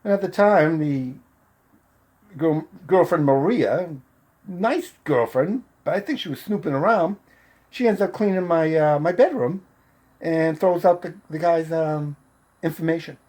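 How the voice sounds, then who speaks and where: A man's voice: fairly high pitch, a little slow, a little mellow. A middle-aged man from Massachusetts tells an old personal story in a loose, profane way. He laughs between lines and acts out what each person said. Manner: profane, laughs through the tale, acts out the voices. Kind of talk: casual storytelling.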